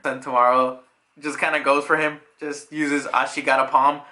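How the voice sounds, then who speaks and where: A man's voice: medium pitch, normal speed. A man casually retelling a manga chapter as a reviewer, acting out the scenes as he goes. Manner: animated retelling that acts out scenes. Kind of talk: casual chat.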